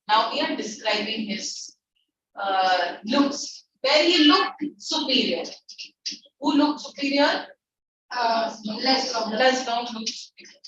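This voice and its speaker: Indian woman tutor, high voice, echoey. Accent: Indian English. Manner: reads a passage aloud and explains it line by line, mixing in Hindi. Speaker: English tutor. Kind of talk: online class lecture, reading and explaining a text. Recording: distant, echoey, muffled online lecture recording with faint noise.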